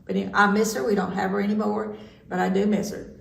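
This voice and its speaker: A woman's voice: mid-range voice, level tone, fairly quick, creaky. A woman librarian reading a story to children in a homey, chatty way. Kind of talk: storytime reading and personal anecdote. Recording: echoey room, mic at a distance.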